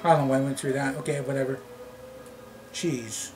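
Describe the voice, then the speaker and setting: A man from Canada telling a personal story to his camera in a rambling, halting way, with many restarts. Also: mid-range voice, fairly even intonation, low-quality recording. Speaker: vlogger. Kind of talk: casual storytelling vlog. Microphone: camera mic. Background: background music.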